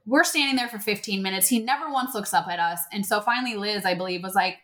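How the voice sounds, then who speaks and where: A woman co-hosting a podcast, telling a story in a casual, animated way and acting out what people said. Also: medium pitch, quick pace, hardly any pauses. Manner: animated, acts out quotes in character voices. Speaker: podcast co-host.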